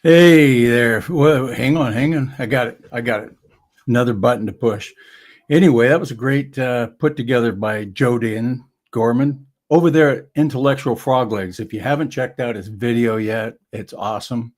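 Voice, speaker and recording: A laid-back man who hosts a live stream. He speaks at a middle pitch in an easygoing voice and often answers with short agreeing replies. The tone is casual, conversational and unhurried. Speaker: cartoonist and show host.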